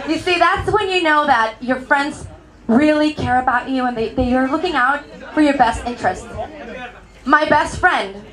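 A young woman from Mexico performs stand-up, her voice riding high as she jokes at her own expense. She laughs through her own punchlines. A live audience murmurs and laughs around her. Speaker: stand-up comedian. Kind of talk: stand-up comedy set. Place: comedy venue with a live audience. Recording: crowd noise from a live audience.

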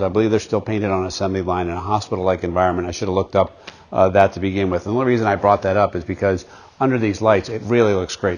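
A man's voice: mid-range voice, darkish tone. A man hosting a car walkaround video, talking in an enthusiastic, chatty salesman manner. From United States. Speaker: car dealer host. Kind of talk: casual walkaround presentation.

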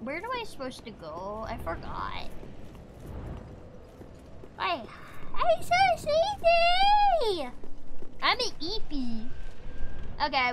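Woman, very high voice, game streamer, playful baby talk, noisy home mic. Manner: playful, dramatic outbursts, baby talk, yelling at enemies. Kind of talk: live gameplay streaming.

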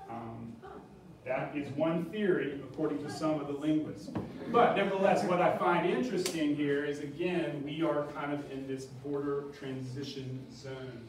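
A man delivers a museum lecture, posing questions and then answering them himself. His voice sits a little higher than most men's. It is recorded from a distance in a strongly echoing room, with a faint hiss underneath. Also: moderate pace. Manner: explanatory, asks and answers his own questions. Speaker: history professor giving a public talk. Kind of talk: lecture with slides. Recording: very echoey room, distant mic, faint noise.

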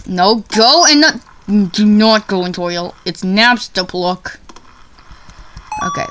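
A young woman commenting on her own gameplay, excitable and quick to yelp and shriek when things go wrong. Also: medium pitch, slight background noise. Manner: excitable, yelps and shrieks at failures. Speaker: gaming YouTuber.

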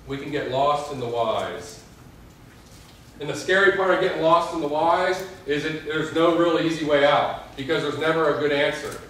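Young guy pastor preaching earnest, kinda high voice, big echoey hall, mic far off. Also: normal speed, fairly bright tone, slight background noise. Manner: earnest, storytelling with quoted prayers. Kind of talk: sermon.

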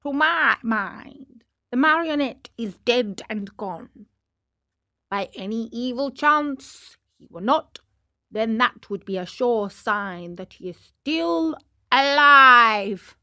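A pompous old crow doctor pronounces his verdicts slowly and solemnly, as a woman reads him. The voice sits fairly high and the sound is close and dry. It suits a gentle storybook reading. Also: lively intonation, no echo, exaggerated voice.

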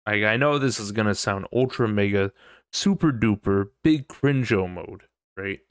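A man's voice: lowish voice, normal speed, clean tone, no room sound, clean studio sound. A man hosting a casual solo podcast, rambling, swearing freely and laughing often. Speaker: podcast host.

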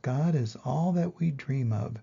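A man's voice: medium pitch, gravelly, mellow, slightly rough, highs cut off. Older man voicing wise old Old Turtle. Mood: solemn. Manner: slow, solemn storybook reading. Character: ancient wise female turtle, calm and gentle.

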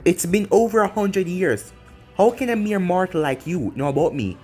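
A man doing a booming arrogant sand demon. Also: sing-song, unhurried, darkish tone, husky, full character voice. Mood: imperious. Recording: faint music behind.

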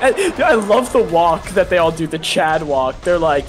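A man's voice: on the high side, big pitch swings, moderate pace, a little hiss or hum. A young man chatting casually and goofily while playing a game, full of slang and laughter. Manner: goofy, slangy, laughing often. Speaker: gaming video host. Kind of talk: casual gaming banter.

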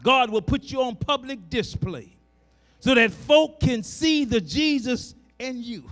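Man, middle-aged, preacher, sermon in a church, very high voice, slow delivery, shouts and repeats phrases. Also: expressive, soft background music.

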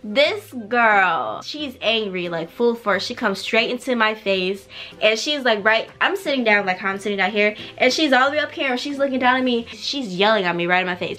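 A young woman vlogger in her twenties telling a casual story at home, blunt and animated, full of slang and swearing, keeping her voice down at night. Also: a little high, normal speed. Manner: drops to a quieter voice so neighbors won't hear.

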